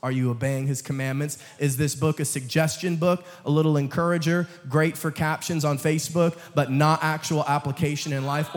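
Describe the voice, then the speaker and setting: Young male preacher, joking and then forceful, somewhat high voice, recorded with long hall reverb. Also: flat delivery, normal speed, few pauses, crowd noise, background noise. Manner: swings from low, quiet asides to loud, emphatic calls; jokes with the congregation and laughs. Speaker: guest preacher. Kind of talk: sermon. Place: church sanctuary.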